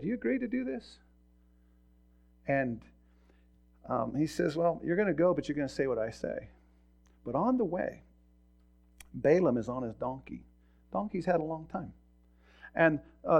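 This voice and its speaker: A man preaching a sermon as pastor, retelling a story with swings from hushed to loud. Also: medium pitch, dull audio.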